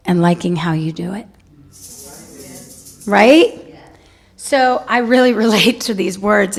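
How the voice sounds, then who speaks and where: A woman's voice: mid-range voice, creaky. A middle-aged woman giving an inspirational spiritual talk to a congregation, telling personal stories with laughter and often asking "right?". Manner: storytelling with laughter and frequent "right?". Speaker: guest speaker at a spiritual center.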